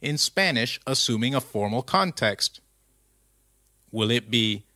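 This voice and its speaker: Slow, bright-voiced male language teacher. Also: mid-range voice, lively intonation, dry recording, clean studio sound. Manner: patient quiz-style questioning. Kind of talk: scripted lesson narration.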